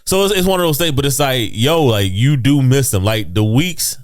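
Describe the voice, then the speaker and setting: A man's voice: mid-range voice, lively intonation, normal speed, no echo, clean studio sound. A man co-hosting a podcast in casual chat, earnest and advice-giving. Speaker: podcast co-host.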